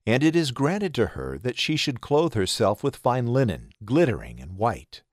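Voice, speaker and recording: A man reading scripture aloud in a solemn, measured recitation. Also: mid-range voice, wildly swooping pitch, no room sound, studio quality. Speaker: scripture reader.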